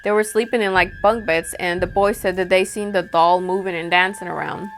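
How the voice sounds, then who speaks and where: A woman's voice: lowish voice, steady tone, a little fast, a little hiss or hum. Chatty woman telling a spooky story. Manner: chatty, peppered with "like" and acted-out quotes. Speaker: storytime vlogger. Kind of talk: casual spoken storytelling.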